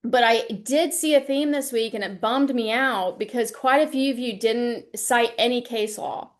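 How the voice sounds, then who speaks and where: A woman, a university instructor chatting casually to her class on a livestream lecture and telling stories with animated quoted voices. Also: on the high side, moderate pace.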